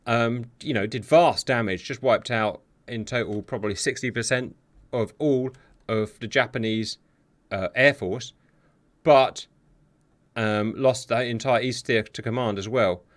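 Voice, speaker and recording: A man commentating on a simulated air and sea battle, excitable and sarcastic, talking straight to his viewers. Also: mid-range voice, measured pace. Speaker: war game commentator. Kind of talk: live gameplay commentary. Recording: steady hiss behind the voice.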